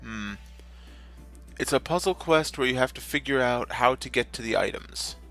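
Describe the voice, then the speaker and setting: A man's voice: medium pitch, moderate pace, a bit bright, faint music behind. A man narrating his gameplay in a casual, rambling, jokey way, often correcting himself mid-sentence. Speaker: gamer, channel host. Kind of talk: casual let's-play commentary.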